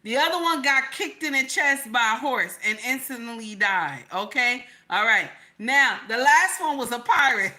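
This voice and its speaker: A woman reacting live to a clip and reading her chat aloud, loud and laughing, repeating her questions over and over. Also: a little high, lively intonation, unhurried, hardly any pauses.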